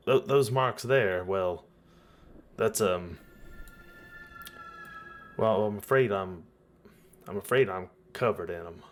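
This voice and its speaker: A man's voice: lowish voice, soft background music. A man voicing a devout, self-punishing village priest who speaks hesitantly, with many restarts. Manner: hesitant, halting speech full of restarts.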